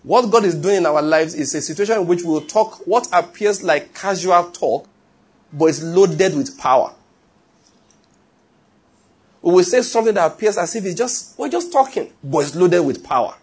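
A man's voice: high-pitched, lively intonation, moderate pace, darkish tone, breathy edge. A man preaching a sermon, emphatic and repetitive, often asking whether his listeners follow. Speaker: pastor.

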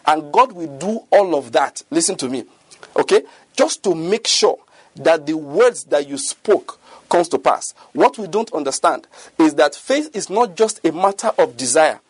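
A middle-aged male preacher with a fairly high, husky voice. He speaks earnestly and keeps checking whether his listeners follow him. The sound is dry and close, with no room echo. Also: expressive, measured pace. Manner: earnest, repetitive, often asks listeners if they follow. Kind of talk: sermon.

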